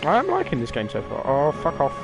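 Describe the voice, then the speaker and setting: A man's voice: fairly high pitch, huge pitch swings, fast talker, vocal fry, rough recording. A young man giving sweary, offhand let's-play commentary as a gaming streamer. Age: young adult. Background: game music.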